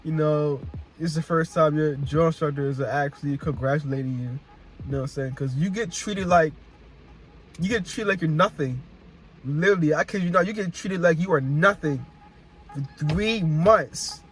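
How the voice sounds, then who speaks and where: A man's voice: a little high, moderate pace, slight background noise. A young man telling casual, slang-filled stories to camera, often repeating himself and laughing as he talks. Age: young adult. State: emotional, close to tears. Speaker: vlogger recounting Marine boot camp. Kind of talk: casual chat.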